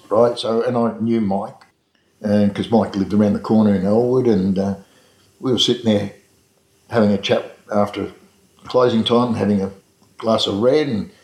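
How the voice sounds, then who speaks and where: A man's voice: fairly low pitch, darkish tone. An Australian man telling long anecdotes about running his restaurant, rambling with frequent restarts and fillers in a casual interview. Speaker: restaurant owner recalling his past. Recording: echoey room.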